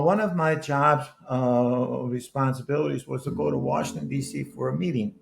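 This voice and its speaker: A man's voice: fairly high pitch, creaky, slight background noise. A man in his eighties, a guest in a podcast interview, telling stories in an earnest, rambling way with many restarted sentences. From Wisconsin. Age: 80s. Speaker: guest, author and former politician. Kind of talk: conversational podcast interview with anecdotes.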